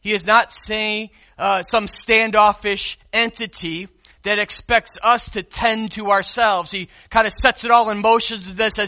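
A man preaching a conversational sermon as pastor, stressing key words and moving between loud and soft. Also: sits high, fairly even intonation, measured pace. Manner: conversational preaching with call-and-response.

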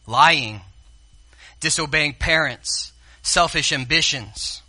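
A pastor delivering a sermon in a very bright, slightly high voice. He talks right to the congregation and swings from hushed asides to loud exclamations. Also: slow pace. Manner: addresses the congregation directly.

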